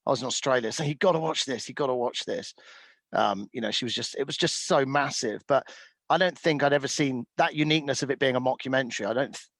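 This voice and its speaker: A man's voice: medium pitch, fast talker, a bit bright, no room sound. A man hosting a podcast, asking hesitant questions and adding brief encouraging interjections. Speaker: podcast host. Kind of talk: casual interview chat.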